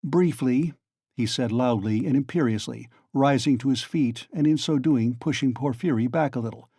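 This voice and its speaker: A man narrating a classic novel as an audiobook in a measured storytelling manner. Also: mid-range voice, warm tone, slightly rough, no room sound, clean studio sound. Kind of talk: scripted narration.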